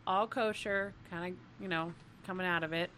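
A woman's voice: on the low side, steady tone, moderate pace, a bit bright, a little hiss or hum. A woman co-hosting a podcast, telling a travel story in casual chat, laughing often and swearing freely. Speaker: podcast co-host.

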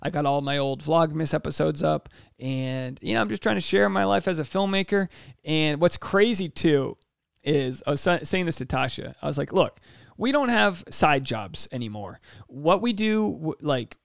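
A man in his mid-thirties hosts a solo podcast from a home studio, reading listener questions aloud and offering casual, joking advice peppered with quick asides. His voice sits a little high, with lively intonation and some vocal fry. The podcast mic captures a clean tone with no echo, giving a clean studio sound.

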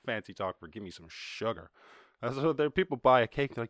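Man, comedy podcast host, riffing on news, swears constantly, laughs, mid-pitched voice, dry dead sound. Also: no room sound. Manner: profane, animated, laughing, acts out people in quick voices.

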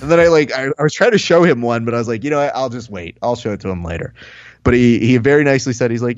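A man co-hosting a casual podcast, telling animated stories, swearing and acting out what people said. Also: medium pitch, fast, dry recording, highs cut off. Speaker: podcast co-host.

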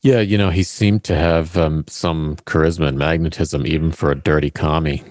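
A man's voice: extremely low pitch, fairly even intonation, moderate pace, darkish tone, no echo. A man co-hosting a podcast in casual chat, wry and hesitant, with lots of "you know" and "like". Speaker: podcast co-host.

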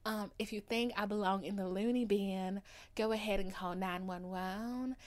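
A woman's voice: medium pitch, fairly even intonation, normal speed. A young woman hosts her podcast late at night, tired and a little loopy. She rambles playfully and dramatizes every small point in an ordinary mid-range voice. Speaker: podcast host. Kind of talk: casual chat.

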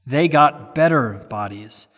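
A man's voice: mid-range voice, animated, slow, fairly bright tone. A man reading a nineteenth-century sermon aloud in an earnest preaching cadence with strongly shifting emphasis. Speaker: sermon reader. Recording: long reverb.

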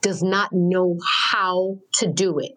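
A woman's voice: fairly low pitch, takes it slowly, a bit bright. A woman giving a friend firm, earnest advice in a casual conversation.

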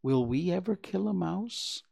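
A man's voice: high-pitched, animated, measured pace, creaky, a little mellow, voice pushed up, full character voice. A man doing an eager young fawn. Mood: curious. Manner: eager, questioning, stammering. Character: excited curious young male fawn.

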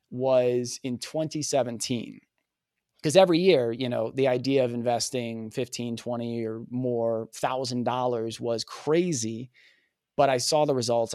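A man's voice: mid-range voice, unhurried, no echo. Earnest man telling a story, dry sound. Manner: earnest, animated storyteller who acts out quoted dialogue. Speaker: podcast guest, communication coach. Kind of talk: personal storytelling in a podcast interview.

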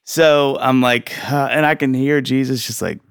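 A man in his thirties hosting a casual faith and parenting podcast, telling stories with lively acted-out quotes and frequent laughs. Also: medium pitch, unhurried, smooth, no room sound, studio quality. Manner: animated storyteller, acts out quotes, laughs often. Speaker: podcast host.

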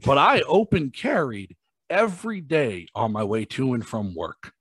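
A man from Massachusetts spins a casual story as a podcast guest. His voice is slightly husky and his delivery blunt and profane. The sound is dry and close, with no room around it. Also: medium pitch, unhurried, no room sound. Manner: blunt, profane, animated when quoting himself.

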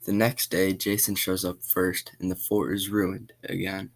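Guy reading a spooky story, low and gravelly, plain and unhurried. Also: little pitch movement. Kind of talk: reading a short horror story aloud.

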